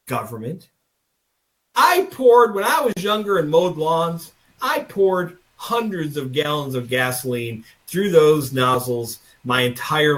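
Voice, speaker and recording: A man's voice: fairly high pitch, fairly bright tone. A man co-hosting a political podcast, talking in a folksy, rambling, emphatic way and acting out little dialogues. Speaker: podcast co-host. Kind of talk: casual political talk. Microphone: video call.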